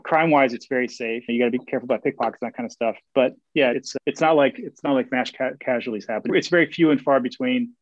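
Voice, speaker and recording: A man telling stories as an interview guest, eager and quick, often repeating words as he restarts sentences. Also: mid-range voice, no room sound. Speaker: guest, Camino walker and author. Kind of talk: casual interview storytelling. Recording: dull, dry lo-fi sound.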